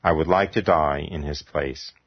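Calm older priest, very low voice, dry sound, man voicing it in a reading. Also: normal speed, dry recording. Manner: quiet, gentle pleading. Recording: dull lo-fi recording.

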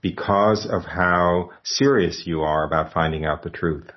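A man hosts a religious call-in show and answers his guest in a measured, teaching tone. His voice sits very low. The recording sounds slightly dull and lo-fi. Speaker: radio host.

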